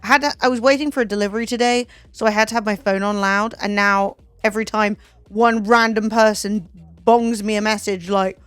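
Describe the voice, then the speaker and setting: A woman's voice: mid-range voice, fairly even intonation, fairly quick, clean tone, dry recording. A young woman from England with a Southern English accent, chatting casually on her stream in a rambling way, full of "like" and the odd swear. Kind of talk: casual chat. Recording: dry close mic, faint music.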